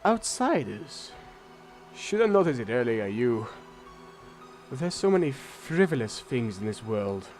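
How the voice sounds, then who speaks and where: A man's voice: medium pitch, very animated, measured pace, long pauses, a little mellow, faint music behind. A man voicing a posh, cold older male scientist from a video game. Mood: scornful.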